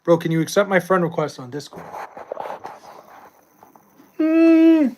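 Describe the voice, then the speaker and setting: A man's voice: on the high side, fast, slight background noise. A young adult man streaming live, chatting casually with viewers and reading chat, loose and profane with frequent laughs.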